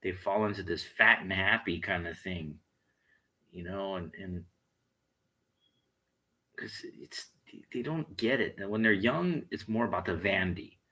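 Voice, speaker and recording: A man's voice: sits low, a little slow, pauses often, pushed and bright, breathy edge, poor audio. A man delivering a blunt, heated monologue full of swearing. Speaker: vlogger. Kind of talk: profane monologue rant.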